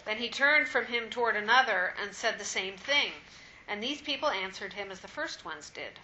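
A woman reading scripture aloud in a steady, measured way during a Bible study. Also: medium pitch, highs cut off, slight background noise. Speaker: scripture reader.

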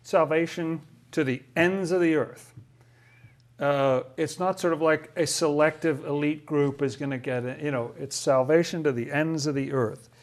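Guy running a bible study, kinda higher voice, asks lots of questions. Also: fairly even intonation, moderate pace. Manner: questioning, thinking aloud. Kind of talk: casual Bible study discussion.

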